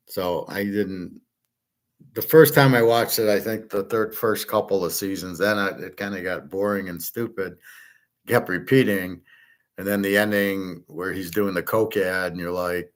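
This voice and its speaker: A man's voice: low voice, moderate pace, a bit bright. Blunt, opinionated man rambling. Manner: blunt, opinionated, with frequent fillers and restarts; mimics others in quoted asides. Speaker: host. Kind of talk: casual rambling monologue.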